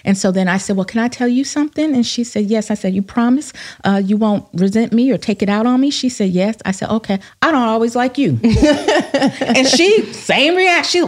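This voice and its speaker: A woman, a life coach, telling a parenting story with lively acted-out dialogue. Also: a little high, fairly quick. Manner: animated storyteller, acts out quoted dialogue. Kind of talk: storytelling in podcast conversation.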